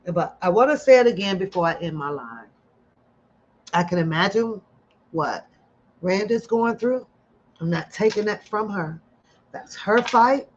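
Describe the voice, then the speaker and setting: A woman's voice: on the low side, a little hiss or hum. A middle-aged woman hosting a live stream, talking casually and bluntly to her viewers, swearing and laughing often. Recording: dull lo-fi stream audio.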